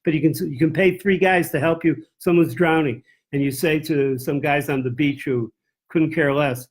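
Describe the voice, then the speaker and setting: A man's voice: a little high, fairly even intonation, normal speed, slightly rough. A man teaching as a rabbi in a text-study class. He reads verses aloud in Hebrew, translates them and thinks aloud with restarts and self-corrections.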